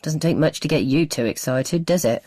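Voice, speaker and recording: A woman's voice: deep voice, normal speed, mellow, no room sound. Woman doing a dry mumbly teen boy, a bit grumpy. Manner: muttering, dry. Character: grumpy teenage boy, reluctant big brother.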